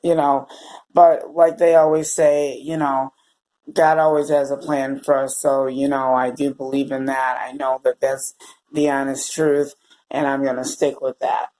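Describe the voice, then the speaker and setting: A male vlogger talking to his viewers in a tearful, emotional way, halting and close to crying. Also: medium pitch, flat delivery, darkish tone, poor audio. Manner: emotional and halting, often addressing viewers as "you guys". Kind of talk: personal video diary.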